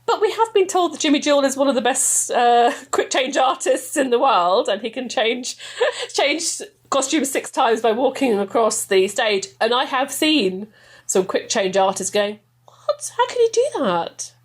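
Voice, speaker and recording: A woman's voice: high voice, normal speed. A woman, chatting enthusiastically as a podcast guest and laughing often. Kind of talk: casual chat.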